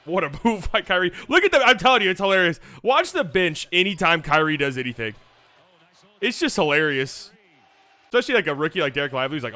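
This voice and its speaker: Bright-voiced man breaking down game film. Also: very animated, quick pace, no room sound. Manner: playful, joking asides over highlights. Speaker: basketball channel host.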